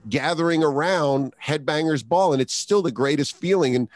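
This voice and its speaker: A man's voice: a little high, moderate pace, dry recording. A man guesting on a podcast, talking enthusiastically in casual chat, rambling with many restarts. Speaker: podcast guest, co-host of another show.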